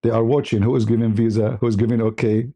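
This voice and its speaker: A man's voice: lowish voice, little pitch movement, fast, gravelly, warm tone. A man who is not a native English speaker, hosting a live stream and telling casual stories with frequent laughter. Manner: laughs often while telling anecdotes. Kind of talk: casual storytelling.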